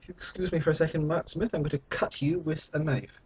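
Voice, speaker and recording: A man's voice: a little high, fairly even intonation, fast talker, a little mellow, slight background noise. A young British man talking to camera at home in a rambling, self-mocking, mock-dramatic way. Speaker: vlogger. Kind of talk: casual chat to camera.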